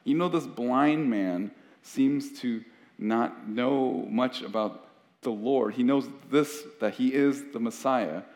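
Man of middle pitch as pastor giving an earnest, loosely conversational sermon in a reverberant hall. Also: slow pace, a little mellow. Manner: earnest, conversational, with frequent restarts.

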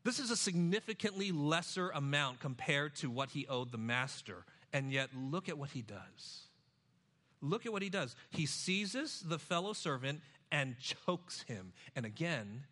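Male preacher with a high, bright tone who works through the text verse by verse, punching some lines and hushing others. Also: lively intonation, a little slow. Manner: expository preaching, swings between loud emphasis and hushed low asides. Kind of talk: sermon.

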